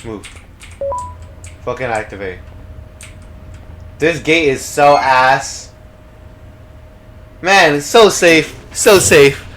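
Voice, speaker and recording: Young man, horror game commentary, bright voice, lively pitch, panicked swearing, faint music. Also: drawn-out words, pauses often, slight background noise. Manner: panicked swearing, yelling at monsters; mutters low when tense. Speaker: gamer.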